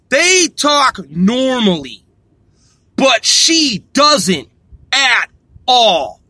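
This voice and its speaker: A man's voice: extremely high pitch, pushed and bright, no room sound. A middle-aged man ranting in an exasperated, profane way, repeating himself and swearing constantly. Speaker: vlogger. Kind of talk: ranting monologue.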